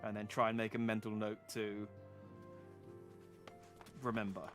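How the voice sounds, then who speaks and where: A man's voice: fairly low pitch, level tone, a little slow, music in the background. A man giving playful, jokey commentary while streaming a video game. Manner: playful, jokey, self-mocking. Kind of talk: casual let's-play commentary.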